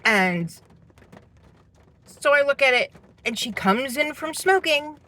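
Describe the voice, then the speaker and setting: A woman's voice: high voice, lively intonation, takes it slowly, pushed and bright. A middle-aged woman venting indignantly as she tells a personal story about her household. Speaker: parent telling a personal story. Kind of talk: personal vlog monologue.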